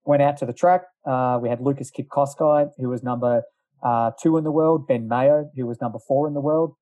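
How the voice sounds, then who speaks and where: A man's voice: medium pitch, steady tone, a little fast, dark tone, no room sound, highs cut off. A middle-aged man who used to be a distance runner, telling a story in a casual, rambling way with lots of fillers and asides. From Australia.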